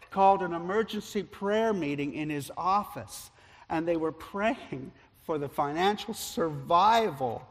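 Man preaching in a reverberant hall. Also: high-pitched. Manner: animated storyteller, loudness rising and falling with the story. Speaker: pastor. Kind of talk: sermon storytelling. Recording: long reverb of a large hall.

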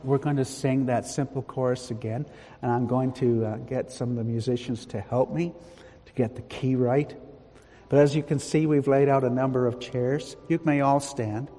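A man preaching a sermon in a large church hall, measured and emphatic, with long pauses. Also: mid-range voice, fairly even intonation, warm tone.

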